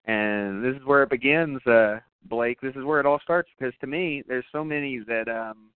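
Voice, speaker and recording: A man co-hosting a podcast, chatting casually and profanely about a movie, acting out characters in high voices. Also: moderate pace, smooth, no echo. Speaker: podcast co-host. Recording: tinny phone-like sound, dry.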